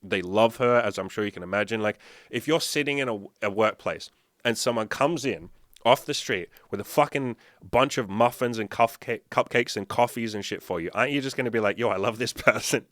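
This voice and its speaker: Young man, coach, low voice, close dry sound, casual and profane monologue. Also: a little fast, a bit bright, no room sound. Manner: profane, emphatic storytelling. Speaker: dating and self-improvement coach.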